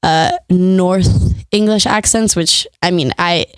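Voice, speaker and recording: A woman's voice: fairly low pitch, fairly even intonation, slow pace, smooth, no echo. A woman actor chatting as a podcast guest, casual and talkative with lots of fillers. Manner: chatty, laughs often, many fillers. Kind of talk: casual chat.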